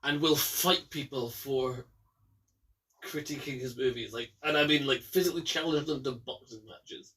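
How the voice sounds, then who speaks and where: A young Scottish man hosting a casual bad-movie quiz, chatty, with quick asides and some swearing. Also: mid-range voice, fairly bright tone, breathy edge, far from the mic. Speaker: quiz host.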